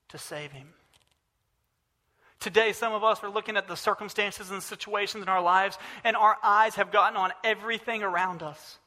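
High bright preacher man in a big hall. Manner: earnest preaching, repeats key phrases. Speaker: pastor. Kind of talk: sermon. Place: church sanctuary. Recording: long hall reverb.

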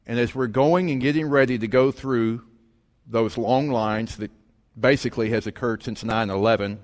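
A man preaching, telling a story in an animated way and acting out the voices of the people in it. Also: mid-range voice, normal speed. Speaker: pastor. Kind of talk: sermon storytelling. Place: church sanctuary. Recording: long reverb of a large hall.

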